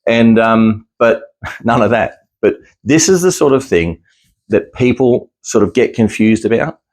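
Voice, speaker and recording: With a fairly low, darkish voice, he talks a little slowly but expressively. Speaking casually to camera as a psychic medium, he recounts experiences in a rambling way, restarting sentences often and chuckling easily.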